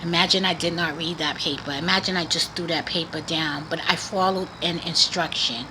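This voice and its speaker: A woman's voice: low voice, fairly even intonation, brisk, background noise. A woman vlogger earnestly sharing a religious testimony in casual, preachy talk, repeating phrases for emphasis. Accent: Boston area.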